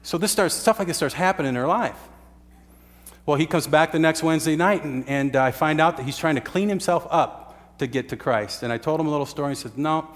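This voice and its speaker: Earnest man preaching in a reverberant hall. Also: medium pitch. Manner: earnest storytelling with filler uhs and restarts. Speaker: pastor. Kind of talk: sermon storytelling.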